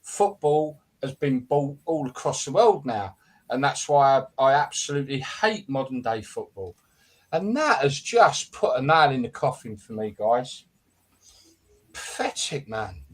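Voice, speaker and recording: A man's voice: medium pitch, expressive, unhurried. A man hosting a live football show, delivering an exasperated, sweary, rambling rant. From England.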